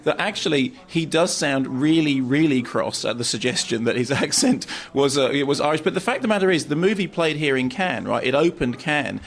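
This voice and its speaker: Film critic guy, slightly high voice, animated, keeps repeating words. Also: brisk, hardly any pauses. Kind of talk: radio chat.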